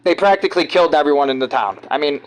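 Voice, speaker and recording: A man from giving rambling, halting, conspiratorial commentary over video clips. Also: a little high, lively intonation, low-quality recording. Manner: halting, restarts often, conspiratorial. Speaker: vlogger.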